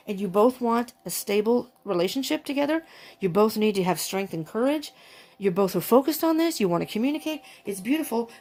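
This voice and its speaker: A woman doing a tarot reading, talking in a gushing, excitable way, often breaking off with exclamations and restarting her sentences. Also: medium pitch. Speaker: tarot reader.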